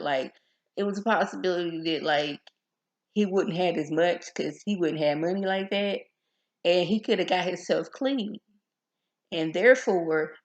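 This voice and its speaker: A young woman recapping a TV episode in a casual, chatty way, often acting out the characters' lines in an animated voice. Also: medium pitch, lo-fi sound. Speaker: TV show reviewer.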